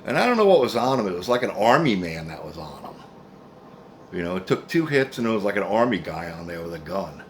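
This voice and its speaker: A man's voice: deep voice, sing-song, fairly quick. Rambling man telling an old story. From New Jersey, USA. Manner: rambling, profane, frequent "anyway" asides. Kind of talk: casual storytelling. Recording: faint background noise.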